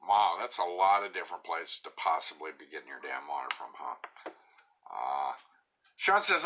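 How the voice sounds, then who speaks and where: A man's voice: a bass voice, sing-song, normal speed, a little hiss or hum. A man casually chatting on a live stream, reading viewer comments aloud and poking fun at himself, sometimes dropping to a whisper. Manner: chatty and self-mocking, drifting into soft whispered asides.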